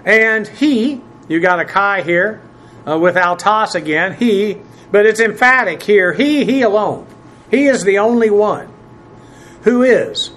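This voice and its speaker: A man teaching a Bible passage word by word from the Greek, spelling terms letter by letter and filling pauses with "uh". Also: high voice, fairly bright tone. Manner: spells out Greek words letter by letter, many "uh" fillers; presses emphatic points with rising force.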